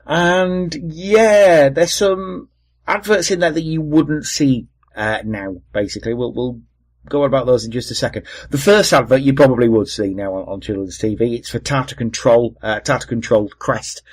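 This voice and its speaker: A man's voice: medium pitch, normal speed, low-quality recording. A man with a Welsh accent hosting a podcast, chatting casually with lots of fillers and asides. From Wales. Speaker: podcast host. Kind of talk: casual chat.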